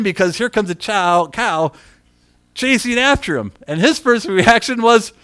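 A man preaching a sermon as a story, chatty and repetitive, breaking into loud acted shouts. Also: sits high, measured pace, clean tone. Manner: animated storyteller who shouts quoted lines; conversational, repeats himself.

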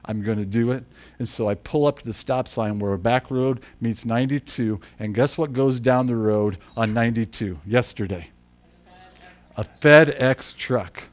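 Storytelling pastor, hushed to booming. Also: male voice, moderate pace. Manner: swings between hushed confessional asides and loud emphatic bursts; self-deprecating, chuckles through his story. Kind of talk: storytelling sermon.

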